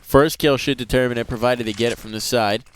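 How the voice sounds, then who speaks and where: A man calling a live esports match at a tournament desk, chatty between plays and jumping into excited bursts when the action picks up. A faint hiss runs under his voice. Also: medium pitch, brisk. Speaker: esports caster. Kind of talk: live play-by-play commentary.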